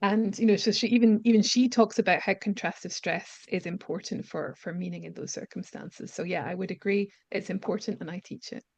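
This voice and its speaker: A woman's voice: mid-range voice, a little fast, gravelly, few pauses, darkish tone, no echo. Woman on a dull, dry video call. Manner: thinks aloud with restarts and fillers. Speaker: pronunciation teacher on a panel. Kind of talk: webinar discussion.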